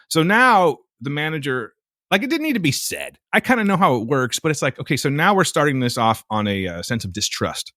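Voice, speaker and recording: A podcast co-host with a fairly high voice speaks briskly, telling a story in a casual, exasperated, animated way full of swearing. The recording has clean studio sound and no room noise.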